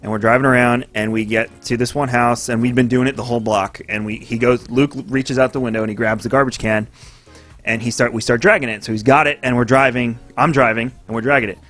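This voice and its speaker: Animated storytelling man. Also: medium pitch, fast, faint music behind. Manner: animated storyteller acting out voices, swearing. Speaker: podcast co-host. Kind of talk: casual storytelling chat.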